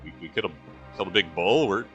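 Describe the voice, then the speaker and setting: A man giving casual let's-play commentary in a bright, lively voice, sardonic and full of asides. His pitch swings a lot as he jokes. Faint game music runs underneath. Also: fast talker, dull audio. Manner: sardonic, jokey and rambling.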